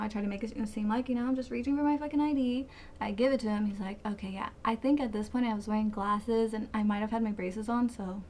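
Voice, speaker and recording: A woman's voice: fairly high pitch, a little mellow, a little hiss or hum. A woman in her twenties telling a rambling, profane story in a dramatic, casual storytime way. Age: 20s. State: sweating, hot. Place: hot room.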